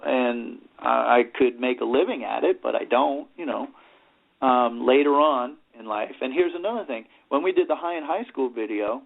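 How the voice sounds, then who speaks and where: A man's voice: medium pitch, moderate pace, creaky. A middle-aged man from New York, an interview guest and rock singer, telling stories in a loose, rambling way and filling gaps with "you know". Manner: rambling, leans on "you know", acts out quoted voices. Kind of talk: casual storytelling interview. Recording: tinny phone-like sound.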